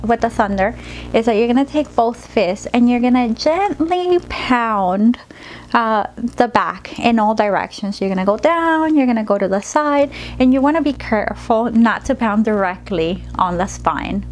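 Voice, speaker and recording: Gentle woman teaching a storytelling technique. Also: on the high side, expressive, slight background noise. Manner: gentle, slow storytelling voice mixed with practical instructions. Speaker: play therapist. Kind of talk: instructional demonstration.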